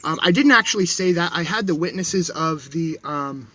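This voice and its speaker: A man's voice: a little high, lively intonation, moderate pace, a bit bright, no room sound. A man livestreaming from inside a vehicle, telling a story in a rambling, shaky way, full of restarts and self-corrections. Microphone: dashboard camera.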